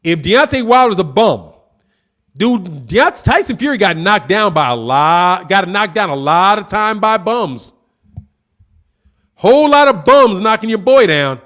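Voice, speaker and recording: Boxing host, man, high voice, swooping delivery, combative and mocking, live-stream commentary. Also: very animated, a little slow, a bit bright. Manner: combative, mocking, trash-talking. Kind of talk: live-stream commentary reading super chats.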